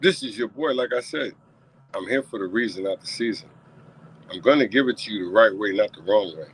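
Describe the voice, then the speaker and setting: Deep-voiced New man ranting sports. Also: fairly quick, slight background noise, low-quality recording. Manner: passionate, repetitive, rising to near-shouting rants. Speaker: talk show host. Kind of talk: unscripted sports talk stream.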